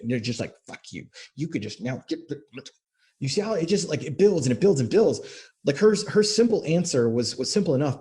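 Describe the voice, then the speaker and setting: A man coaching on relationships in a blunt, profane way, taking apart a text exchange line by line. His voice has a mellow, dark tone with a slight huskiness. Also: mid-range voice, breathy edge. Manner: direct, profane, reads quoted texts aloud.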